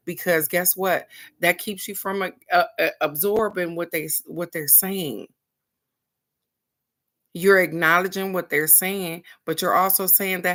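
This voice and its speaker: Low-voiced woman telling a frank story. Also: moderate pace. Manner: animated storytelling, acting out quoted voices, addressing viewers directly; frank and blunt, with the odd curse word. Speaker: host of a daily card reading show. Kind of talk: casual spiritual chat to viewers.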